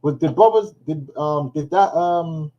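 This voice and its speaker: A man's voice: a little high, a little slow, dull audio. A man giving loose, slangy commentary on news clips, chuckling now and then. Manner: loose, slangy, laughs to himself. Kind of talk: casual commentary on played clips. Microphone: headphones on.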